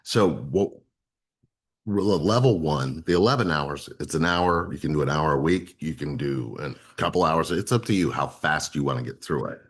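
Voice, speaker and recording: A man's voice: rumbling low, normal speed, slightly rough. A man co-hosting a talk about relationships, explaining in an earnest way and repeating words for emphasis. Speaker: relationship coach, co-host.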